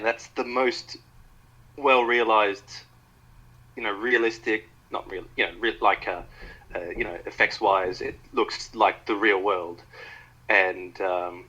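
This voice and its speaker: Bright, eager Australian co-host. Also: male voice, lowish voice, highs cut off. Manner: enthusiastic, halting, many fillers and restarts. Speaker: podcast co-host. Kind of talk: casual film review chat.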